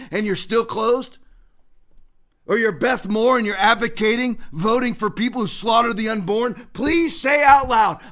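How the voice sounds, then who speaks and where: A man's voice: high voice, sharp tone. A male host giving emphatic, preachy political commentary and quoting scripture.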